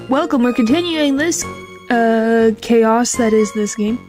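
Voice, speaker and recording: A woman's voice: on the high side, mellow. A woman streaming a game, chatting casually and playfully to her viewers. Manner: chatty, playful, talks to herself. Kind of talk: casual chat.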